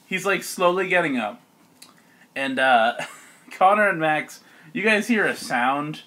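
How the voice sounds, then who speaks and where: A man's voice: fairly high pitch, expressive, unhurried, pushed and bright. A man running a tabletop game as game master, narrating in a casual, rambling way with lots of fillers and laughs.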